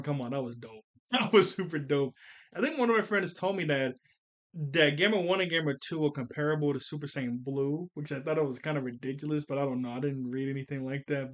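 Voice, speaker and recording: A man reviewing an anime movie in a casual, rambling chat, with a lot of slang and frequent laughter. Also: on the high side.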